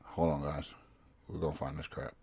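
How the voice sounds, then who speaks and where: A man's voice: very deep voice, flat delivery, moderate pace, vocal fry, mellow, breathy edge. A man hosting his own podcast, reading news articles aloud and commenting in a casual, rambling way, often stopping to search for his place. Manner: rambling, self-interrupting, reads articles aloud. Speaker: podcast host.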